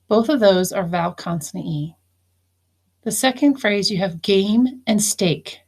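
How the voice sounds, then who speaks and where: A woman teacher giving a recorded phonics lesson, slowly and deliberately dictating phrases and explaining how to mark syllables. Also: mid-range voice.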